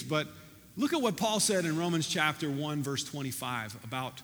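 A man preaching a sermon in a church, talking in a loose, animated, conversational way with many restarts. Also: high-pitched, moderate pace. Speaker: pastor. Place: church sanctuary. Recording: reverberant church hall.

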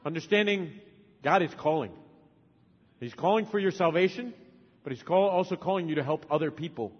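A man in his forties preaching a sermon as a missionary, emphatic, swinging from loud urging to soft, tender asides. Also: on the high side, expressive, a little fast. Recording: long hall reverb, dull lo-fi sound.

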